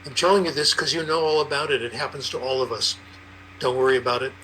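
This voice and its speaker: Bright-voiced older man telling stories. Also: mid-range voice, quick pace, slight background noise, rough recording. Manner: anecdotal, lively storyteller. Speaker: panelist, language researcher. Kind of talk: conversational explanation.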